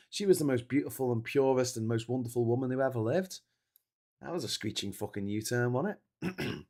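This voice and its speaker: A man's voice: mid-range voice, creaky. A man hosting a casual live-stream, rambling through news and viewer comments, swearing and laughing often. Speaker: host.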